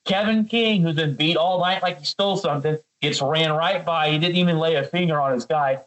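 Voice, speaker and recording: This is a man on a sports podcast, heated and ranting about a football game. His voice sits a bit high and he keeps turning to his co-host by name. He stumbles and repeats words when the anger builds. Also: fairly quick, a bit bright, muffled recording.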